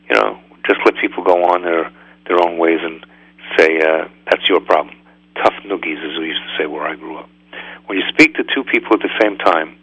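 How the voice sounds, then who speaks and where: A man with a low, gravelly, husky voice teaches a religious lesson on the radio. He keeps it conversational and animated and peppers it with rhetorical questions. The sound is dry and close. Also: no room sound, rough recording.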